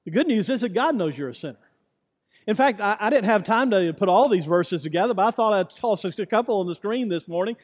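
Pastor, male, high-pitched voice, emphatic repeating sermon delivery, long church reverb. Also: expressive, brisk. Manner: repetitive, emphatic preaching with rhetorical questions. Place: church sanctuary.

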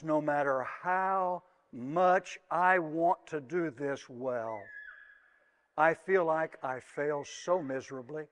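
High-voiced guy preaching real slow, stretches out his words, big church echo. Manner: slow, emphatic delivery with drawn-out words. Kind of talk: sermon. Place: church sanctuary. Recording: long hall reverb.

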